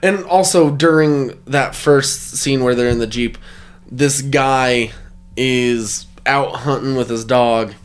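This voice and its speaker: A man's voice: medium pitch, slow pace. A man hosting a casual film review podcast, laughing often and acting out lines from the film. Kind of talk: casual chat.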